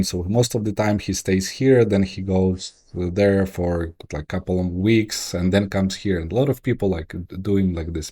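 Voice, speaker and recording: A Ukrainian-accented man speaks as a guest in a relaxed interview. His voice sits low and warm, and he tells stories in an animated, halting way, full of restarts. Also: slightly rough. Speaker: guest, investor and entrepreneur. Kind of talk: casual interview storytelling.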